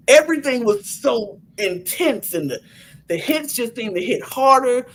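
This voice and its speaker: A young woman on a podcast recapping a wrestling match in animated casual chat, acting out her own gasps and laughs. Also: fairly high pitch, a little slow, rough recording. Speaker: podcast co-host.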